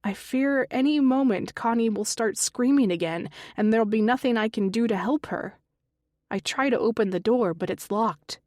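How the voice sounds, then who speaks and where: A woman reading a first-person mystery audiobook in a measured, unhurried way. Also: medium pitch, darkish tone, no echo, studio quality. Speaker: audiobook narrator.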